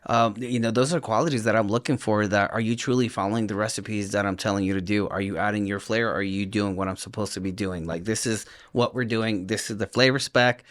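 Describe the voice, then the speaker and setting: A man's voice: lowish voice, fairly even intonation, fairly quick, hardly any pauses, a bit bright. A man who works as a private chef, speaking as a guest in an earnest, casual way with many fillers. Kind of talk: casual chat.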